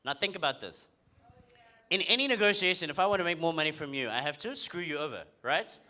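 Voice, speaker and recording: Speaking fast in a fairly high voice, a young comedian from South Africa, with the accent to match, works a comedy club stage. His set is punchy and animated, and he teases the audience.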